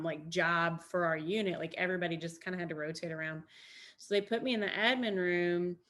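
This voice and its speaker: A woman speaking as a guest veteran in loose, casual conversation. Her voice sits mid-pitch, and she wanders through her account with frequent restarts and filler words. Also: a bit bright. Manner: rambling, many restarts and "like" fillers.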